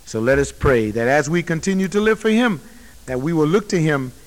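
A male pastor delivering a forceful, direct sermon to his congregation. His voice sits a little high for a man, and a long hall reverb trails each phrase. He presses every point home without softening it. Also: animated, fairly quick. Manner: emphatic, direct preaching to the congregation.

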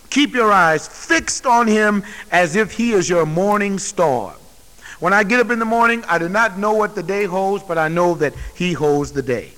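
A male pastor delivering a forceful, direct sermon to his congregation. His voice sits a little high for a man, and a long hall reverb trails each phrase. He presses every point home without softening it. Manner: emphatic, direct preaching to the congregation.

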